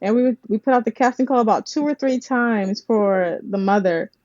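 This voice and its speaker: A woman's voice: on the high side, normal speed, no room sound, dull audio. A woman who writes screenplays and supervises scripts tells stories animatedly in a casual interview, often restarting her sentences. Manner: animated storytelling, many restarts.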